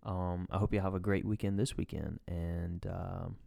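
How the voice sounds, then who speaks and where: A man hosting a podcast, talking in a relaxed, casual way and signing off the show. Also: low-pitched, moderate pace, creaky, no room sound, studio quality. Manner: laid-back, swears casually, rambling outro. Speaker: podcast host.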